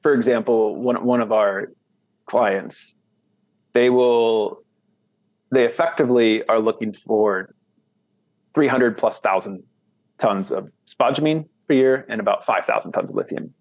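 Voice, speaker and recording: A man's voice: on the low side, a little slow, pauses often, no room sound. Rambling American man, dull dry sound. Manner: rambling, many restarts. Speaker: guest, commodity trader. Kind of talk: casual interview talk.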